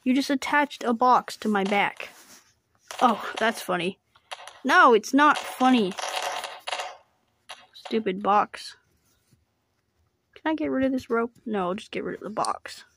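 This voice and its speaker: Slow, high-voiced woman playing every character. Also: a little hiss or hum. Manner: switches between excited yelps and flat, deadpan asides. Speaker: storyteller voicing all characters. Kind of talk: playful homemade role-play story.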